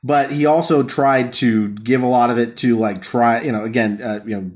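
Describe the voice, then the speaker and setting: A man's voice: mid-range voice, steady tone, moderate pace, darkish tone. Rambling male podcast co-host. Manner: rambling, many fillers and restarts. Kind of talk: casual chat.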